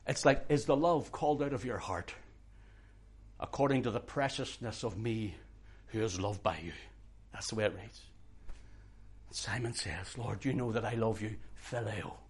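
A man preaching a sermon with passion, moving from hushed, quiet passages to loud, urgent outbursts. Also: lowish voice, normal speed, pauses often, breathy edge. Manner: impassioned, swings from hushed to shouting.

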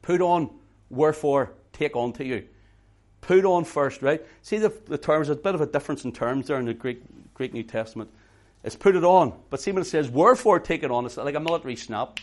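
A middle-aged man preaching a sermon, swinging between hushed intimate talk and loud emphatic preaching, repeating words for emphasis. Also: on the high side, lively intonation, a little fast.

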